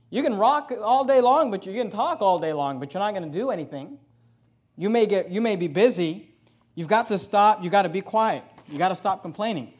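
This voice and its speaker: High-voiced preacher delivering a sermon. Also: male voice. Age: adult, married. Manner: preaching with rising emphasis, then dropping to a confiding tone; reads scripture slowly and deliberately. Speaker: pastor.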